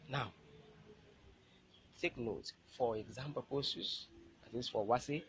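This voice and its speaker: A man's voice: mid-range voice, slight background noise, poor audio. A man teaching a lesson, explaining step by step and stressing key words. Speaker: English language teacher. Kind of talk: classroom lecture.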